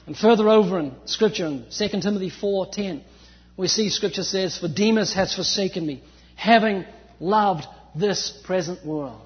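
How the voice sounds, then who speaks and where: Male preacher, faint New Zealand accent, dramatic loud-soft delivery, muffled lo-fi recording. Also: sits high, moderate pace. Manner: animated preaching, swinging from loud emphasis to hushed asides. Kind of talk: sermon. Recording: dull sound with long hall reverb.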